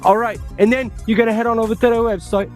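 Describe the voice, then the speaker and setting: Man doing a strutting British rock star, put-on British accent, high voice, cocky drawl, faint music behind. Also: steady tone, fast talker. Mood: swaggering. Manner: cocky, drawling, calls everyone mate. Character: swaggering British rock frontman, male. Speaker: podcast co-host.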